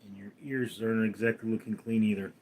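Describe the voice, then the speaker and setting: A man's voice: fairly low pitch, fairly even intonation, fast, darkish tone. A man hosting a casual live stream, reading viewers' comments aloud and answering them in a dry, self-deprecating way.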